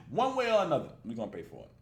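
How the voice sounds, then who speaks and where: Male reaction-video host, high and roomy-sounding, blunt and profane, laughs a lot. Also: wildly swooping pitch, fast, vocal fry. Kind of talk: casual ranting commentary.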